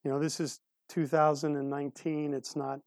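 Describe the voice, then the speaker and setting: A man preaching a sermon as a pastor, telling a story in a conversational way and clearing his throat now and then. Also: a little high, level tone, normal speed, darkish tone, dry recording. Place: church service room.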